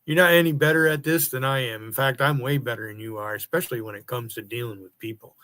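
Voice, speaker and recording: An angry man rants into his stream, cursing and taunting rivals to come on and face him. His voice sits in a middle pitch, and he talks with a constant profane edge. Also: quick pace, hardly any pauses, bright, forceful tone. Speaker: live streamer. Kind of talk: profane livestream rant.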